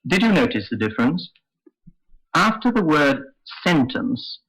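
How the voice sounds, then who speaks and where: Bright-voiced male phonetics teacher. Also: mid-range voice, rough recording. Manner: slow, careful, explanatory. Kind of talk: scripted spoken lesson. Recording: old lesson recording.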